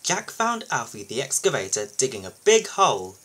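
A man reading a children's picture book aloud for his video channel, expressive and lively. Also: mid-range voice, normal speed, rough recording. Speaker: YouTube storybook reader.

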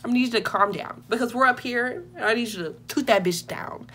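A young woman vlogger telling a comedic story in a brash, profane and animated way. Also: fairly high pitch, fairly quick, background noise.

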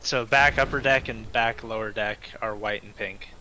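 A man with a bright, forceful voice leads his teammates in a relaxed gaming stream, telling them what to do and what to leave alone. Faint noise sits under his talk. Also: on the low side, normal speed, rough recording. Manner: directing teammates, giving instructions. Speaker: streamer leading the crew. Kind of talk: casual gaming chat.

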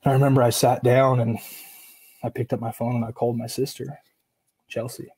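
On a poor-quality recording, a man from Oregon, USA, relates a painful memory as a guest on a podcast, talking a little fast. His voice is husky and a touch breathy, with a flat, steady pitch, and his casual, filler-laden telling includes acted-out dialogue. He sounds sincere and openly emotional.

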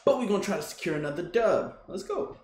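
A young man commentates his own football video game as he plays, shouting at every big play and cursing at his opponent. His voice sits high and swings widely. It is recorded in an echoey room. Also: fast talker, slight background noise. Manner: excitable, yells at plays, swears, laughs. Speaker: gaming YouTuber. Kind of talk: live gameplay commentary.

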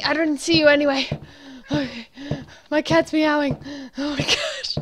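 A woman's voice: sits high, fairly even intonation, unhurried, a little hiss or hum. A young woman, a gaming YouTuber, commenting on a horror game while playing, jumpy and prone to shrieks and nervous giggles. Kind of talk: horror let's play commentary.

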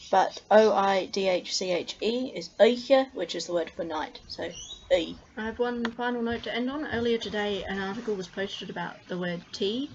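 A young woman with an Australian accent, explaining letter sounds to camera, carefully demonstrating each sound with frequent ums. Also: medium pitch. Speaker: language tutor. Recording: slightly muffled lo-fi recording.

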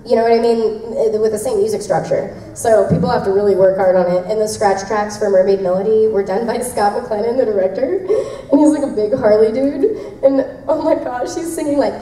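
A young woman voice actress answers fan questions at a convention panel, her slightly high, warm voice moving fairly quickly. She's chatty and laughs often while telling stories; the mic sounds distant in an echoey hall, with a little hiss or hum.

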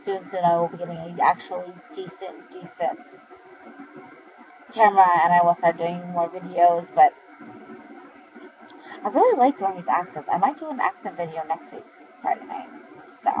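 A young man talking casually to his camera at home at night, rambling and repeating words. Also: sits high. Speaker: vlogger. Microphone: built-in camera mic. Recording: dull lo-fi camera with fan hum.

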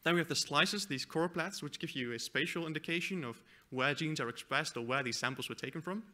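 Bright-voiced man giving a talk. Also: fairly high pitch, fairly quick. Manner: explains a live software demo, with fillers and self-corrections. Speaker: conference speaker. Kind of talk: academic conference presentation. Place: conference hall.

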